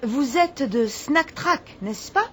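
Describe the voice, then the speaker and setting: A courteous French hostess with a high, bright voice that rises and falls a great deal. She greets a visitor in a scripted dialogue for a language course, with crisp, careful pronunciation. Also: expressive, takes it slowly, a little hiss or hum, heavily acted.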